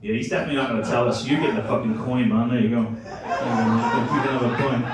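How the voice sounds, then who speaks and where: A man's voice: mid-range voice, steady tone, heavy reverb, recorded from a distance, very noisy. An Irish man doing stand-up comedy in a club, teasing the crowd and swearing as he tells his stories. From Ireland. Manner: profane, teasing, fast storytelling. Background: audience laughter.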